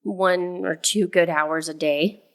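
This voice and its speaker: A woman co-hosting a podcast tells a family story in casual, rambling chat. Her voice sits low and has a gravelly edge. She fills her talk with ums and restarts. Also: steady tone, takes it slowly. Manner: storytelling with many fillers and restarts. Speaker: podcast co-host, mother.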